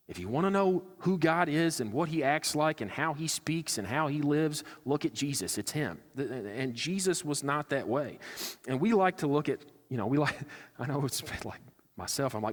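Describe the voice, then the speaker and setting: In a church sanctuary, a male pastor preaches an earnest, conversational sermon, slipping into acted-out asides. His voice is on the high side, sing-song and brisk, with the long reverb of a church hall.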